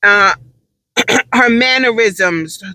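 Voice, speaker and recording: A woman's voice: a little high, very slow, bright, forceful tone, dry recording, rough recording. A woman telling a story in a casual monologue, emphatic and repeating her points for stress.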